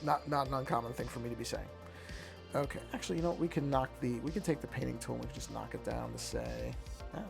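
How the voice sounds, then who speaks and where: A man's voice: mid-range voice, quick pace, gravelly, over music. A man streaming while he draws, chatting casually, musing aloud and often restarting his sentences. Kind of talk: casual talk while drawing.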